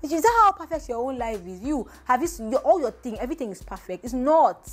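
A woman's voice: big pitch swings, a little fast. A woman hosts a vlog, giving emphatic, rhetorical gossip commentary. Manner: emphatic and rhetorical, voice often jumping up high. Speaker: vlogger host. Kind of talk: casual celebrity gossip commentary.

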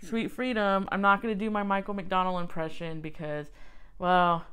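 A woman's voice: fairly low pitch, level tone, normal speed, a bit bright, smooth. Wry woman reading an old magazine aloud. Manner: wry, self-mocking, exclaims over finds. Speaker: podcast host.

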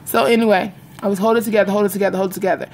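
Rambling, confiding woman with gravelly voice. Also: medium pitch, fairly even intonation, racing, darkish tone, slight background noise. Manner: rambling and confiding, repeats herself, addresses viewers as y'all. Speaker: vlogger. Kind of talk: casual vlog chat to viewers. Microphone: phone or webcam in front of her.

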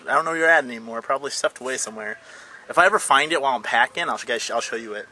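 A man's voice: mid-range voice, very fast, bright, forceful tone, slight background noise. A young adult man chatting casually in a daily vlog, goofy and rambling. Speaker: vlogger.

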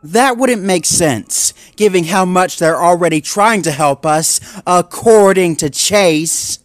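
Dude doing a hopeful young pup voice, higher and a bit louder. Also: male voice, takes it slowly, no room sound, soft background music. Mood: eager. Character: earnest young male dog, eager.

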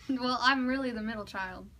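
A woman's voice: fairly high pitch, measured pace, sharp tone. A young woman hosting her own vlog in a casual, playful chat, laughing often. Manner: giggly, playful. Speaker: vlogger host.

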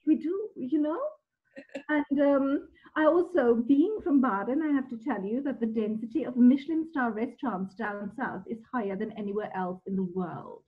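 A woman's voice: fairly high pitch, moderate pace. Woman on a tinny call line. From Germany. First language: German. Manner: enthusiastic, descriptive, frequent ums. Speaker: guest wine expert. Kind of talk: conversational video discussion. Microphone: video call.

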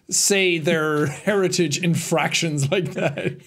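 A man's voice: a little high, fairly even intonation, slow, creaky, fairly bright tone, breathy edge. A young Irish man co-hosting a podcast in casual chat, joking, laughing often and swearing freely. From Ireland. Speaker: podcast co-host.

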